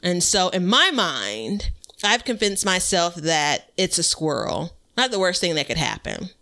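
A woman's voice: fairly low pitch, sing-song, measured pace, pushed and bright. A woman co-hosting a podcast, telling a rambling story in casual chat and laughing often. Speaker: podcast co-host.

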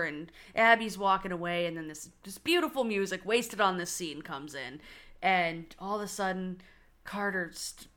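Female podcast co-host, bright and chatty. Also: medium pitch. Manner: bright, chatty, recaps scenes. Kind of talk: casual chat.

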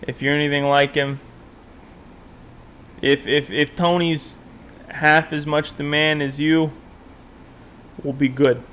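A man's voice: a little high, little pitch movement, slow pace, long pauses, fairly bright tone, a little hiss or hum. A young man co-hosting a casual podcast, laid-back and swearing often. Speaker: podcast co-host. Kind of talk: casual chat.

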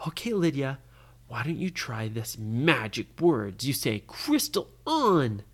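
Parent doing a brave boy captain, gentle, reassuring, slow, lively pitch, bedtime story. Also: slightly rough, full character voice.

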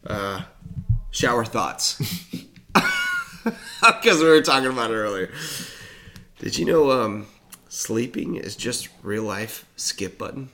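A man's voice: mid-range voice, wildly swooping pitch, slow, pauses often, bright, forceful tone. A man co-hosting a casual podcast, laughing often and tripping over his words. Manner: laughs often, stumbles and restarts. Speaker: podcast co-host. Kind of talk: casual banter.

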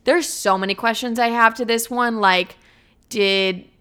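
A woman's voice: fairly high pitch, steady tone, a little slow, sharp tone, clear, resonant tone. A young woman hosting a podcast, telling stories in a casual, blunt, profane way and saying "like" constantly. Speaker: podcast host. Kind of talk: casual storytelling monologue.

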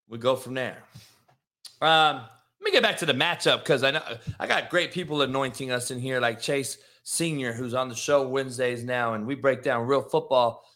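A man's voice: mid-range voice, moderate pace, sharp tone. A man hosting a solo sports talk show, ranting in a brash, profane, combative way and talking to his live chat viewers. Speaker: show host.

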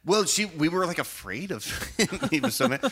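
A man's voice: high-pitched, wildly swooping pitch, normal speed, gravelly, fairly bright tone, husky. A man telling a funny story in casual chat, laughing as he goes and mimicking the people in it. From Chicago area. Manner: laughs through his stories, mimics voices.

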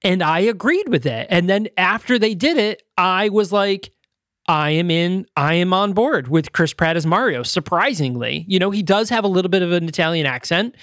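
Rambling higher-voiced male podcast host. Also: moderate pace, dry recording, studio quality. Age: adult parent. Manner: rambling, with many fillers and restarts; animated retelling, quoting others in little voices. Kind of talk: casual chat.

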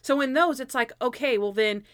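A woman's voice: high voice, fairly quick, a bit bright, dry recording, studio quality. A woman co-hosting a casual chat about a TV episode, animatedly retelling scenes. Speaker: podcast co-host.

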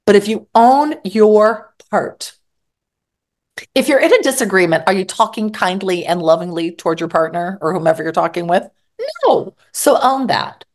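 A woman therapist talking in an interview, animated and acting out quoted exchanges. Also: medium pitch, moderate pace. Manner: animated, acts out quoted dialogue. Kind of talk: interview conversation.

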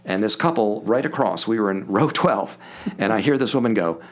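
Animated older man telling stories. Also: on the low side, a little fast. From Philadelphia. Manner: animated, acts out quoted voices. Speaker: podcast guest. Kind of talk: casual storytelling.

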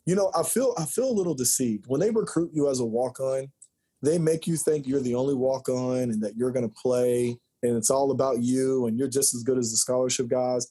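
A man in his forties tells stories from his playing days as a podcast guest, lively and joking. His voice is husky and mellow, never sharp. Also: medium pitch, fairly quick. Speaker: podcast guest, former college basketball player. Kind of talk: storytelling interview chat.

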